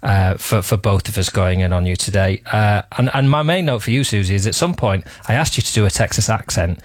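A man's voice: on the low side, dry recording. A man hosting a radio show in a casual comedic chat, rambling and teasing, and laughing often. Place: radio studio.

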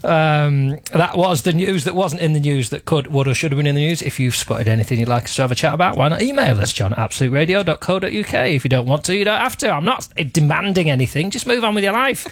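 A man's voice: on the high side, lively intonation, fast talker, few pauses, no room sound. Male radio host, jokey rambler, dry studio sound. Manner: self-deprecating, jokey, rambling. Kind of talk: casual radio chat.

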